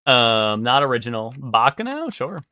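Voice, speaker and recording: A man's voice: medium pitch, big pitch swings, normal speed, pushed and bright, no room sound, clean studio sound. A young man streaming live, thinking aloud and guessing in casual, swearing chatter.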